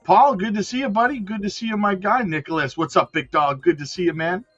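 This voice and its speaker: A man's voice: high voice, brisk, fairly bright tone, husky, lo-fi sound, faint music behind. A man hosting a live crypto stream in a hyped, slangy way, greeting viewers by name. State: out of breath. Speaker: crypto livestream host. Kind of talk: casual live-stream chat.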